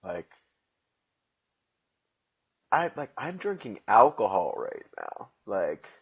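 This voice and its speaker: A man's voice: fairly low pitch, sing-song, slow pace, husky, lo-fi sound. A man hosting a podcast, telling a story in a casual, profane and self-mocking way. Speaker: podcast host.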